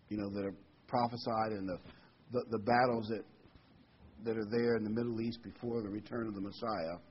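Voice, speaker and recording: Male preacher, mid pitch, husky, earnest verse reading, muffled lo-fi sound. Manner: earnest, emphatic Bible reading with hesitant fillers. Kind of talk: sermon. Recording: dull lo-fi recording.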